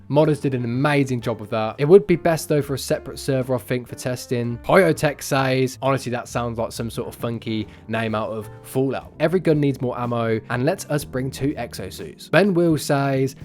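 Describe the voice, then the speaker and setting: Young guy, mid-pitched voice, jokey gaming news host talking over soft guitar music. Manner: playful, chatty, jokey asides. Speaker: gaming YouTuber.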